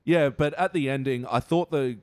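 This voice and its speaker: A man hosting a casual podcast chat, playful and quick to laugh. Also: medium pitch, a little mellow, dry recording, clean studio sound. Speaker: podcast host.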